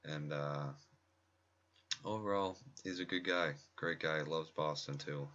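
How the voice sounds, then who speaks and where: A man giving quiet, rambling casual commentary at home during a game pack opening, often restarting his sentences. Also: rumbling low, takes it slowly, highs cut off. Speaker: gaming video creator. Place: home room at night next to a laptop. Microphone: laptop mic close by.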